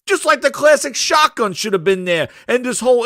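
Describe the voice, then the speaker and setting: A man's voice: very high-pitched, animated, a little fast, few pauses, sharp tone, no echo, clean studio sound. A man hosting a gaming podcast, ranting angrily and swearing, often stammering and repeating himself. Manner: heated and profane, repeating himself. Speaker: podcast host. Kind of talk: angry gaming rant.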